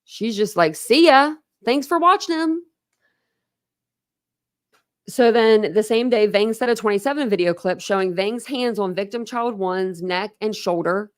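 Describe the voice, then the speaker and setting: A woman with a young son reads court documents during her true crime live stream, interrupting herself with rambling, openly upset commentary full of "like" and false starts. She speaks at normal speed with hardly any pauses, in a mid-range, slightly mellow voice, recorded cleanly in a studio without echo.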